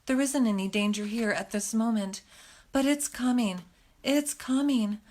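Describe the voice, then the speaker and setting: A woman's voice: unhurried, a little mellow, natural voice. A woman voicing a timid young male rabbit who whimpers and trembles with fear. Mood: terrified. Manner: trembling, whimpering, high and fearful.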